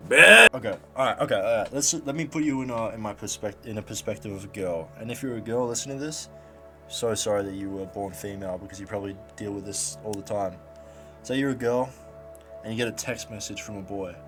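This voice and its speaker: Brief: young male vlogger, low voice, loose profane storytelling, music bed clearly audible. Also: fairly quick. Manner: rambling, profane, mock stammering. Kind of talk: casual storytelling monologue. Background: background music.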